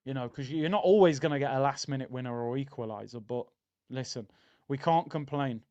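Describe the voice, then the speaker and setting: A man's voice: medium pitch, a little fast, dull audio. A man streaming a live football watchalong, chatting casually about the match and reading out viewer comments. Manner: chatty, reads out viewer comments, excitable bursts. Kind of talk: live match reaction chat.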